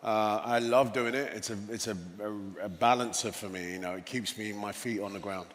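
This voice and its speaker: A man's voice: fairly low pitch, steady tone, moderate pace. A man in his fifties with an English accent, a guest telling stories in an onstage conversation and often adding "you know". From England. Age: 50s. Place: conference stage. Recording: long reverb of a large hall.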